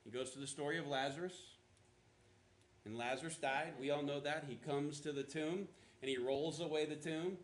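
A man's voice: fairly high pitch, steady tone, normal speed, reverberant. A man preaching a sermon to a church congregation in a conversational way, with casual asides. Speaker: pastor. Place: church auditorium.

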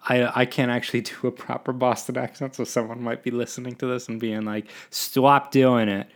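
Rambling young podcast host. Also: male voice, mid-range voice, monotone, fast talker. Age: 20s. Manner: rambling, self-deprecating, drifting between topics. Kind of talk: solo podcast monologue.

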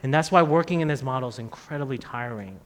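A man in his thirties preaching a sermon in a conversational way, dropping his voice low on key phrases. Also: quick pace. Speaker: pastor. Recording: long reverb of a church hall.

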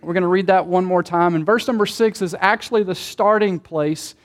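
A man's voice: high-pitched, steady tone, brisk. A male pastor preaching a sermon in a conversational way, asking rhetorical questions and making light jokes.

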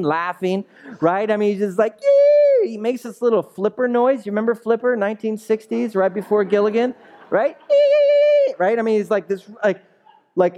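A man's voice: a little high, a little mellow. A male pastor giving a conversational sermon, often checking in with the congregation, then leading a prayer.

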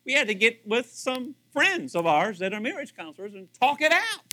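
A middle-aged man preaching with a high, lively voice that swoops all over. His tone is bright and forceful. He acts out dialogue and hammers phrases through repetition. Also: normal speed. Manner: animated, acts out dialogue, repeats phrases for emphasis. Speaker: pastor. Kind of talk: sermon.

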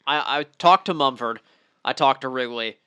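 A man co-hosting a podcast, talking about his pets in a relaxed, affectionate way. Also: mid-range voice, moderate pace, clear, resonant tone. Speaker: podcast co-host. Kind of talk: casual chat.

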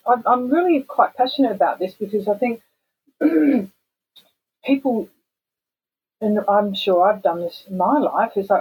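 An Australian woman talks as an interview guest, animated and frank, leaning hard on her points. Her voice has a husky edge and sits at an ordinary middle pitch. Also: a little slow, pauses often, poor audio. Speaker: guest, voice actor and singer. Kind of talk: casual interview chat.

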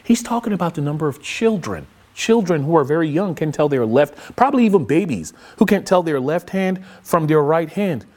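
Pastor, man, high lively voice, animated sermon delivery. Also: brisk, hardly any pauses. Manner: animated preaching, acts out quoted voices. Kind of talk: sermon podcast.

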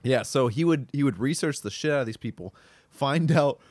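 A man's voice: medium pitch, expressive, normal speed, darkish tone, no echo, studio quality. A man chatting casually, telling a rambling story with lots of swearing. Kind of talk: casual podcast chat.

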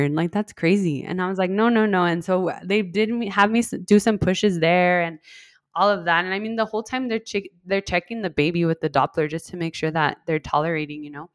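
A woman's voice: lowish voice, brisk, dry recording, clean studio sound. A young woman telling a personal story in a casual chat. She fills her talk with "like" and acts out the lines she quotes. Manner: animated, heavy use of "like", acts out quoted lines. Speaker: podcast guest.

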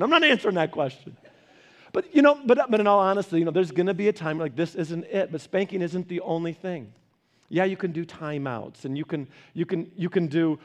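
A man's voice: sits high, brisk. A middle-aged man, a pastor, giving a conversational sermon, telling family stories and acting out the voices in them. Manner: animated storyteller who acts out quoted voices. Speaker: pastor teaching a Bible study.

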